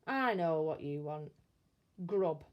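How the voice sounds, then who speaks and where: A woman reading a storybook aloud, voicing a rough-spoken but kindly grown male burglar who talks in slang and exclaims often. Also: low voice, animated, slow pace, highs cut off, pitched below the performer's own voice. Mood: coaxing.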